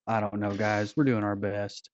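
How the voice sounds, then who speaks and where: A man's voice: lowish voice, level tone, normal speed, noisy background. A man hosting a casual podcast chat, joking and rambling, a little self-deprecating. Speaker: podcast host. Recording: dull, slightly lo-fi remote audio.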